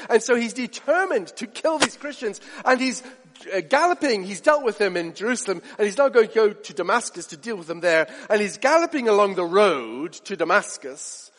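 A man preaching a sermon in a church hall, animated and acting out the voices he quotes. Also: high-pitched. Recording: reverberant hall.

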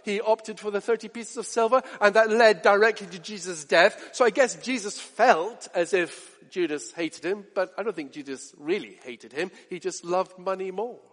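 Passionate high-voiced male preacher in a reverberant hall. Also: moderate pace, hardly any pauses. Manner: passionate, direct questions to listeners, swings from loud to hushed. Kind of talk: sermon.

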